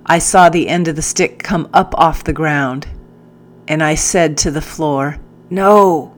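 A woman narrating a first-person audiobook in a measured, earnest way. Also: deep voice, fairly even intonation.

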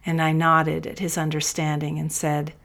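A woman's voice: deep voice, completely flat delivery, moderate pace, a bit bright. A woman giving first-person audiobook narration with intense, emphatic storytelling.

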